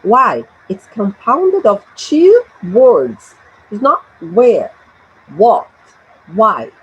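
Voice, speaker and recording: A woman's voice: fairly high pitch, huge pitch swings, very slow, dull audio, slight background noise. A Brazilian woman with a Portuguese accent teaching an English grammar lesson, drilling short phrases for students to repeat.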